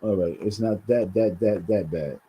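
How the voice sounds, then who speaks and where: A man's voice: lowish voice, moderate pace, mellow, breathy edge, poor audio. A man from New York talking straight to his viewers in a rambling commentary, often repeating words and calling them folks. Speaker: vlogger. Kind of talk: casual commentary monologue.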